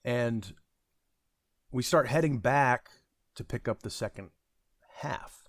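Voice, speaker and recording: A man's voice: mid-range voice, takes it slowly, dry recording, studio quality. A man in his thirties casually telling a rambling, self-deprecating story about his retail job, with frequent fillers and restarts. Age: 30s. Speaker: vlogger.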